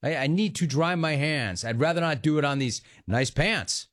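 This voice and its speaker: A man's voice: on the high side, animated, moderate pace, fairly bright tone. A man hosting a call-in radio show, taking callers with a playful, joking delivery. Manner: playful, jokey, sing-song riffs. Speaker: radio talk show host.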